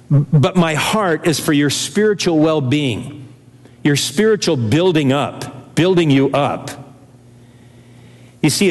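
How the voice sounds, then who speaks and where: An older man preaches with earnest conviction, his pace rising and easing as he works through the text. His voice sits a little high for a man, and his words ring out in a church with a long reverb trailing behind them. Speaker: pastor. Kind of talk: sermon.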